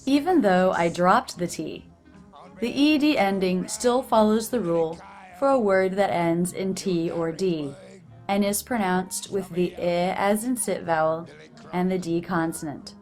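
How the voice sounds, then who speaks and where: A woman teaching pronunciation, clearly and deliberately repeating example phrases. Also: on the low side, a little mellow, faint music behind. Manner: clear, deliberate, over-enunciated demonstrations.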